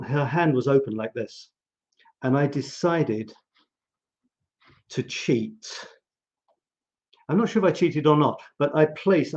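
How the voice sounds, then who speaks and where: A man's voice: mid-range voice, darkish tone, muffled recording. A man casually hosting a live photography stream, musing aloud and talking straight to his viewers. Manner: chatty, musing, talks to viewers directly. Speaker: host of a live photography show.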